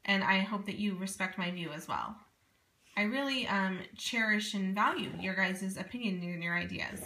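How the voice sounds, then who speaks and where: Woman, 30s, bright voice, earnest and animated telling her own story, roomy echo. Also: medium pitch. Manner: earnest, animated, many asides. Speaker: parent telling a personal story. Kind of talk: casual first-person storytelling. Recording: echoey room.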